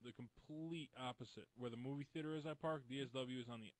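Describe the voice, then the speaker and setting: A man in the middle of a casual story, blunt and wry, swearing freely. His voice sits at an ordinary pitch. He tells it like a regular on a comedy talk show. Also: fast talker, dry recording, low-quality recording.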